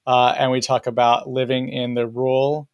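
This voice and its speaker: An easygoing man with a Southern US country accent, co-hosting a casual live show and wrapping up with the viewers. His voice is smooth and clear. The sound is dry and close. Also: medium pitch, completely flat delivery, normal speed, no echo, muffled recording. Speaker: podcast co-host. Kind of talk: casual live-stream chat.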